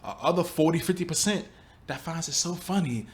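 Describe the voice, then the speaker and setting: A man's voice: fairly high pitch, brisk. A man giving a reaction commentary to his viewers, exasperated and rhetorical, often asking them questions directly. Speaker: YouTube commentator.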